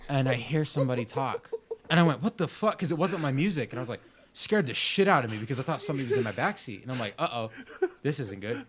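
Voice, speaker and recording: A young man co-hosting a casual podcast, telling a story in an animated, laughing way. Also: mid-range voice, very fast. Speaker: podcast co-host.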